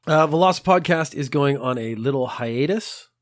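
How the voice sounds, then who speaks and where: A man's voice: mid-range voice, animated, normal speed. A man hosting a podcast in a casual monologue, dry and exasperated, rambling at length. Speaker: podcast host.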